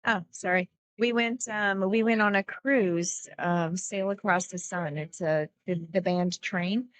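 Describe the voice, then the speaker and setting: Relaxed woman sharing anecdotes. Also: mid-range voice, measured pace. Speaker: guest co-commentator. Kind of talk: casual chat.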